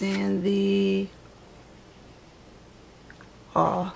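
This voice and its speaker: A woman's voice: mid-range voice, flat delivery, slow pace, vocal fry, pauses often, a little hiss or hum. A woman giving a casual tarot reading to her viewers, chatty and thinking aloud as she goes, often correcting herself. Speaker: tarot reader.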